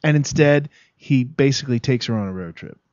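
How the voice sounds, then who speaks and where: A man's voice: mid-range voice, lively intonation, fairly quick, darkish tone, no echo. Rambling man in a dull, dry recording. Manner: rambling, many fillers and restarts. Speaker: actor guest. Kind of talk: casual interview chat.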